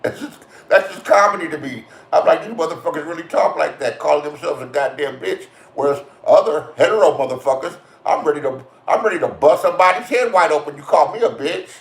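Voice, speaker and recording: A man's voice: a little high, lively intonation, a little fast, creaky. Swearing man ranting in an echoey room. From California. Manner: crude, swearing, confrontational storytelling. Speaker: vlogger. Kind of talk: profane ranting monologue. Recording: roomy echo.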